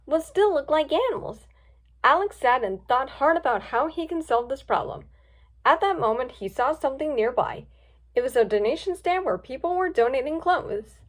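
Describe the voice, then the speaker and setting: Brief: woman, storybook narrator, high-pitched and very animated. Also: normal speed. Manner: lively, expressive reading. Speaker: story reader. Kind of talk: storybook read-aloud.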